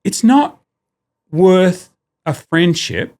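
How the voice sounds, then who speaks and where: A man's voice: sits high, animated, very slow, darkish tone. A man talking casually as a returning podcast guest, joking and working through examples with shifting emphasis. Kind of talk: casual chat.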